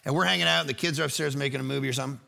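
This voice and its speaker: A man preaching a sermon, telling a story that he acts out with energy and sometimes shouts. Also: medium pitch, rapid-fire, creaky. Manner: lively storyteller who acts out scenes, rising to shouts. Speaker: pastor.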